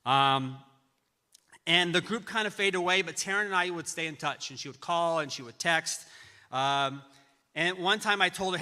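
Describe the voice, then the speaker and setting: Middle-aged man, bright halting tribute in a hall. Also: a little high. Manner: halting storytelling with many restarts. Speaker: friend giving a memorial tribute. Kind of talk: personal tribute speech. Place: large church auditorium. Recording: reverberant church hall.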